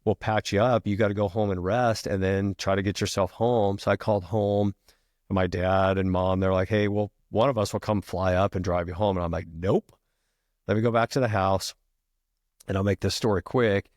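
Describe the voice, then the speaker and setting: A middle-aged retired firefighter telling a long story as a podcast guest, casual and profane, peppering every sentence with "freaking". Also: male voice, deep voice, fairly even intonation, fairly quick, darkish tone, dry recording, studio quality.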